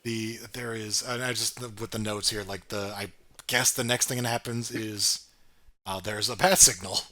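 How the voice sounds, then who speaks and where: A man's voice: lowish voice, steady tone, moderate pace, bright, forceful tone. A man co-hosting a casual chat, easygoing and hesitant, laughing often between remarks. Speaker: podcast co-host.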